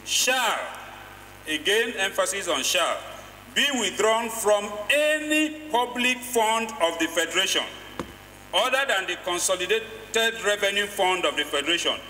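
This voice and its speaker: Emphatic Nigerian lawmaker in an echoey chamber. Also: male voice, sits high, animated, moderate pace, pushed and bright, a little hiss or hum. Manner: emphatic, stressing single words. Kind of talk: parliamentary speech. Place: legislative chamber.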